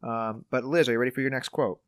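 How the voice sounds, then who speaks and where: A man's voice: mid-range voice, steady tone, quick pace, no echo. A man co-hosting a podcast in loose, casual chat, swearing freely and filling his talk with "like". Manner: loose, profane, filler-heavy talk with lots of "like". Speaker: podcast co-host running a quote quiz.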